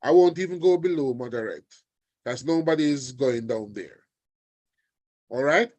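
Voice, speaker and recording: Man, language teacher, online revision class, deliberate, dry close sound. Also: mid-range voice, expressive, a little mellow, no room sound. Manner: deliberate, often checks in with "all right?". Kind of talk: online exam revision lesson. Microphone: video call.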